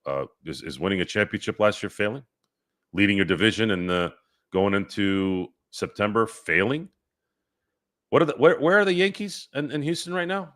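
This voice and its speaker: A man's voice: sits low, fairly bright tone. A man hosting a casual sports live stream, reading chat comments aloud and arguing back at them in rambling, restarting sentences.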